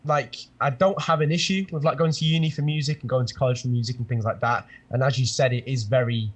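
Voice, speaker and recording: A man's voice: mid-range voice, fairly even intonation, fast talker, slightly rough. A young man with a British accent, a producer guest, explaining his choices in a laid-back way full of fillers. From Britain. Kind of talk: casual chat.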